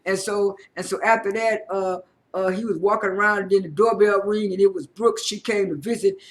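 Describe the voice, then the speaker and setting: A man with a high-pitched voice recaps a reality show in a loose, casual way. He stumbles and restarts often, filling gaps with "uh" and repeated words. He retells each scene by quoting what people said. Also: steady tone. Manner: halting, heavy fillers and repeated words.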